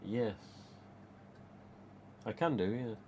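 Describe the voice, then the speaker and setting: A man chats loosely on a live stream, wandering from point to point and reading viewers' messages aloud. His voice sits a little low. A faint hiss of room noise runs under the recording. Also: animated, slow pace, warm tone. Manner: chatty, rambling, reads viewer comments aloud. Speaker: live stream host, mask collector. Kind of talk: casual live stream chat.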